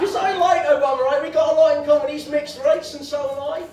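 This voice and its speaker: A Geordie man from Newcastle performing a stand-up routine with quick, deadpan joke delivery in a comedy club. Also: extremely high pitch, some chatter behind. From Newcastle, England. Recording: very echoey club from far off, audience laughter.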